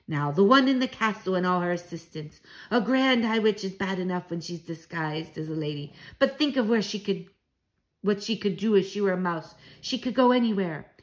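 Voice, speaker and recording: A woman reads aloud as a fierce, spirited old grandmother who hunts witches, speaking emphatically and commandingly in a fervent mood. Her medium-pitched voice has lively intonation at a moderate pace, and the performance is lightly acted.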